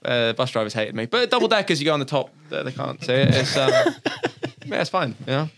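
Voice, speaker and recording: Laid-back guy telling a story, mid-pitched, lots of ums and likes. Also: very animated, a little fast, gravelly, fairly bright tone. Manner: easygoing, chuckling, filler-heavy. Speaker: comedian guest. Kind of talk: casual anecdote.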